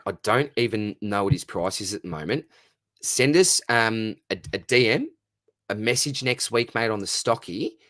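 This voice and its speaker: A chatty Australian man hosting a live Q&A stream, answering viewers and calling everyone mate. His voice sits fairly low, recorded close and dry with no room sound. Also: a bit bright, dry recording. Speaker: fantasy football livestream host. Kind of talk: casual live Q&A reading viewer comments.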